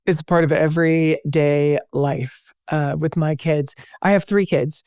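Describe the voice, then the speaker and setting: A middle-aged woman, a podcast guest, telling lively stories and acting out the voices she quotes. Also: deep voice, measured pace, clear, resonant tone, dry recording, clean studio sound. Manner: animated storyteller, acts out quoted voices. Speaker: podcast guest, broadcaster and speaker. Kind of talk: conversational interview.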